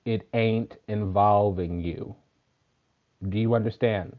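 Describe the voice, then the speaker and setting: A man's voice: mid-range voice, expressive, moderate pace. A man who works as a spiritual teacher gives a casual sermon, emphatic and profane, preaching in rhythmic lists. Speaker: spiritual teacher and tarot reader. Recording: dull lo-fi recording.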